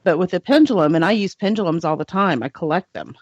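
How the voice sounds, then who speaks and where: A woman with a fairly low voice co-hosts a radio chat, explaining her view in a chatty way. The recording is dry, with a dull, lo-fi sound. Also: animated, quick pace, no room sound. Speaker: radio show co-host.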